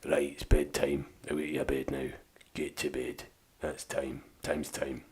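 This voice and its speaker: A man putting on a stern, deep-voiced Scottish man ordering children to bed, gruff and commanding. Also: level tone, a little slow, heavily acted. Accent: put-on Scottish.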